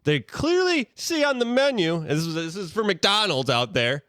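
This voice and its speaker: A man riffing on a casual podcast, his pitch leaping around as he gets worked up. He rants with real comic exasperation and laughs often. The sound is dry and close. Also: normal speed, dry recording. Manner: ranting, animated, laughs often. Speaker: podcast co-host. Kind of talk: casual banter.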